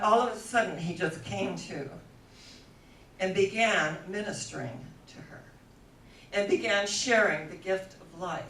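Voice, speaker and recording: A woman's voice: medium pitch, fairly bright tone. An older woman telling stories in a spiritual talk. She laughs easily and acts out the voices of the people she quotes. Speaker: spiritual speaker. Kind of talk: storytelling talk. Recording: echoey room, voice from a distance.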